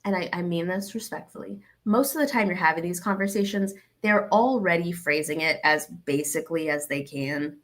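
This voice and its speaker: Young woman guest from Arkansas, slightly low voice, animated storyteller who voices both sides of exchanges. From Arkansas, USA. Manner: animated, acts out both sides of quoted dialogue. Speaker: guest, comedian. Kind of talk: conversational interview.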